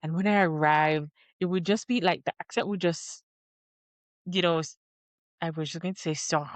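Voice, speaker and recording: A young woman vlogging in casual chat, rambling with lots of fillers and restarts, recorded close in a quiet room. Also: lowish voice, fairly even intonation, normal speed, no echo. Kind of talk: casual talking-head chat.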